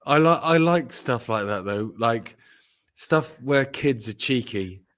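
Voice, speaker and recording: A man's voice: medium pitch, expressive, takes it slowly. A man co-hosting a podcast, telling jokey stories in casual banter, often laughing and swearing. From Britain. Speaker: co-host.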